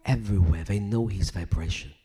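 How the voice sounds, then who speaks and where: With a low, slightly rough voice and a somewhat quick pace, a man preaches live, alternating forceful declarations with hushed, almost whispered lines. His phrasing repeats in a rhythmic pattern.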